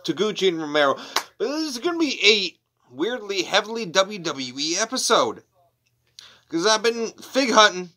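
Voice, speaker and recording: A man's voice: high voice, sing-song, moderate pace, pushed and bright. A man chatting casually at home on his couch, a wrestling figure collector who rambles and throws in crude jokey asides. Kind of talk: casual unboxing chat.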